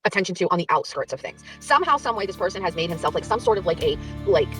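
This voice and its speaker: A woman's voice: lowish voice, very animated, rapid-fire, over music, poor audio. A woman streamer giving casual commentary in a chatty, rambling way, with many fillers. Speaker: streamer recounting an argument.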